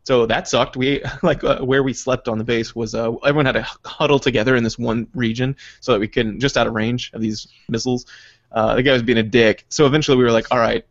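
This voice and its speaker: A man's voice: medium pitch, fairly even intonation, fast, dry recording, lo-fi sound. A man, an army veteran, telling rambling, profane stories on a casual podcast. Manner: rambling, profane, laughs through his stories.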